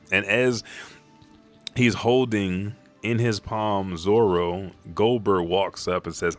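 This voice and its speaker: Low-voiced, excitable profane recap man. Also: measured pace, soft background music. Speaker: manga recap host. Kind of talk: casual recap.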